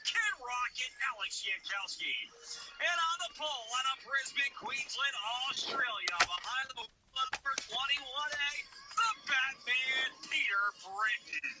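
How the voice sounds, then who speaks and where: A man announcing a dirt track race, calling out drivers with booming, drawn-out introductions. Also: rough recording. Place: dirt racetrack. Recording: loud engine noise behind.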